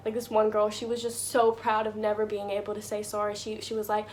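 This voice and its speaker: A woman's voice: fairly high pitch, steady tone, brisk, few pauses, a little mellow, slight background noise. A young woman giving casual life advice to her viewers, chatty and full of "like" and "you know".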